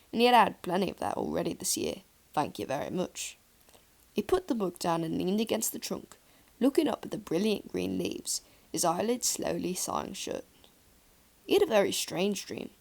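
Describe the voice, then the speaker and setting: Woman, audiobook narration, calm and steady, very lively intonation. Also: lowish voice, creaky.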